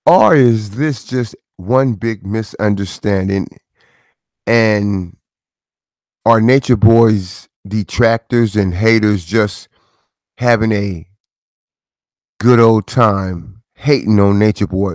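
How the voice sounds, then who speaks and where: On his own commentary channel, a middle-aged man delivers a casual monologue that turns preachy, full of rhetorical questions and repeated phrases. His fairly low, darkish voice moves slowly with long pauses, recorded in studio quality with no echo.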